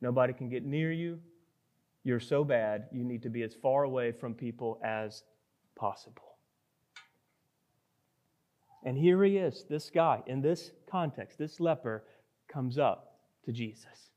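A man's voice: medium pitch, unhurried, long pauses, a little mellow. A man preaching a sermon, earnest and emphatic, reading scripture and then acting out a desperate plea. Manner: earnest, emphatic, acts out the leper's pleading. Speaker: pastor.

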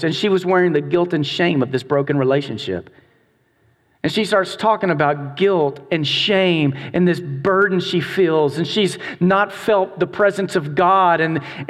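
A middle-aged man preaching a sermon, telling a story with animated delivery and acted-out voices. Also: high-pitched, long reverb tail. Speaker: pastor.

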